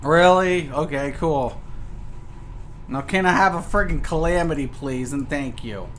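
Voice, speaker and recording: A man streaming a card game, swearing at it and swinging between loud outbursts and low mutters. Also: unhurried, slight background noise. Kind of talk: gameplay commentary.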